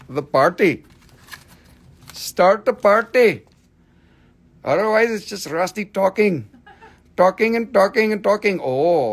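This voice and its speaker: Excitable man with a gravelly voice. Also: a little high. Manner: excitable, theatrical, swears often. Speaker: live-stream seller, host. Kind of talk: live sales stream.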